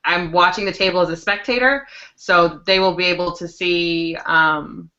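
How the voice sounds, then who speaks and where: A woman's voice: fairly low pitch, moderate pace, sharp tone. A woman co-hosting a live board game stream, playful and teasing. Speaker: podcast co-host. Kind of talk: casual live-stream chat. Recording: muffled web call audio.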